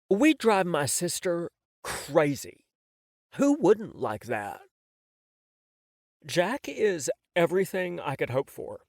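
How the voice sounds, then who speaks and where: A man's voice: sits high, dry recording. A man narrating a novel in the first person, wry and self-mocking, on a close studio mic. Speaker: audiobook narrator.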